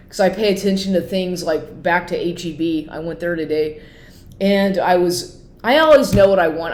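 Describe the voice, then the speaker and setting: A woman's voice: fairly low pitch, reverberant. A woman talking casually in a rambling monologue, full of "like" fillers.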